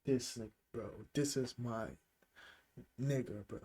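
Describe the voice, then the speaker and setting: Young man from Illinois, storytime vlogger, slow deliberate delivery, visibly emotional, blunt and profane. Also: medium pitch, steady tone, dark tone. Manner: candid, heavy slang, frequent swearing. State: emotional, holding back tears.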